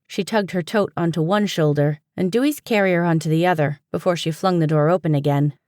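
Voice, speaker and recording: A woman narrating a fantasy audiobook in a steady, even storytelling manner, recorded on a close studio mic. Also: lowish voice, brisk, no room sound. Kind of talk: scripted narration.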